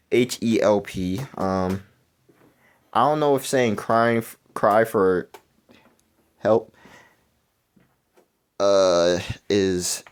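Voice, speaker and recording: A young man talking through a video game quiz in casual, rambling commentary, mumbling and then jumping into excited outbursts. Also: on the low side, clean tone. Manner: rambling, self-correcting, swings between mumbling and excited outbursts. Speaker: gaming YouTuber.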